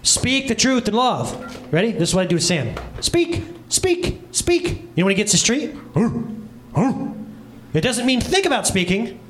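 High, lively-voiced man preaching with humor. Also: a little hiss or hum. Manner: animated storytelling with comic voices and quick asides. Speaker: pastor. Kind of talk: humorous sermon.

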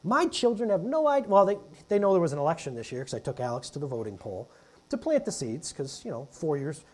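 Lively, joking man preaching. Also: a little high, quick pace. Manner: conversational, jokey, animated preaching. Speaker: pastor. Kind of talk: sermon.

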